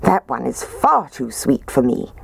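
A woman's voice: extremely low pitch, sing-song, measured pace, vocal fry, husky, dry recording, exaggerated voice. A woman voicing a fussy, curious little girl in a storybook reading. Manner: fussy, picky.

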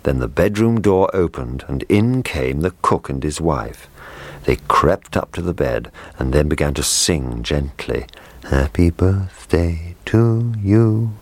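A man reads a children's story aloud, gentle and expressive. His voice is very deep but moves lively up and down. The recording is dry and close. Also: a little slow, husky, no room sound.

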